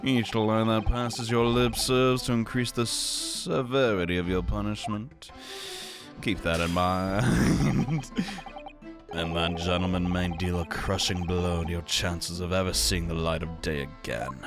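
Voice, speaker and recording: A man voicing a sinister aristocratic male prosecutor from a courtroom game, talking slowly and low. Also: music in the background. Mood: menacing. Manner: slow, low, drawling delivery.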